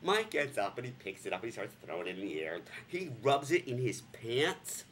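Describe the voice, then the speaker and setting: Playful sarcastic man with a lively voice. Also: normal speed, slight background noise. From Vermont, USA. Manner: playful and sarcastic, jumping into squealing high voices. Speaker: vlogger. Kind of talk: casual comic storytelling.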